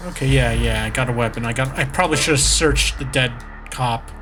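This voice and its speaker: A man's voice: medium pitch, fairly quick, over music. A man giving casual, rambling commentary while playing a horror game as a streamer. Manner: rambling, chatty, self-correcting. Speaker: gaming streamer. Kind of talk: casual let's-play commentary.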